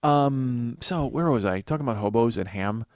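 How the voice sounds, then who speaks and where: A man of medium pitch and somewhat dark tone speaks at a normal speed, expressive throughout. As a comedy podcast host, he rambles through a lengthy, profane, self-mocking story.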